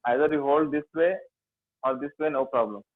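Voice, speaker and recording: A man with an Indian accent teaching a yoga class, giving halting instructions with many fillers. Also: medium pitch, dry recording. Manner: slow, halting instructions with many fillers, chanting and singing tones. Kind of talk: guiding a mudra and mantra class. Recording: dry, phone-like lo-fi sound.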